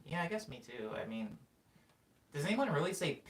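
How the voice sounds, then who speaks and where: A man's voice: on the high side, big pitch swings, normal speed, a bit bright, recorded from a distance. A man with a Southern American accent, chatting casually on a livestream, musing aloud and answering viewers. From United States. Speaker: livestreaming musician. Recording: roomy, mic set back, music behind.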